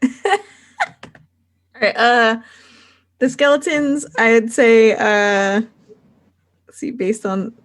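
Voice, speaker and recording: A woman's voice: a little high, fairly even intonation, very slow, long pauses. A woman narrating as game master of a tabletop game, rambling with many fillers.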